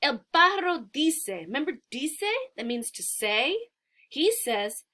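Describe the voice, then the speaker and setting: A woman teaching Spanish to beginners, reading a short story aloud and explaining it word by word, slowly and patiently. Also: sits high, big pitch swings, bright, forceful tone.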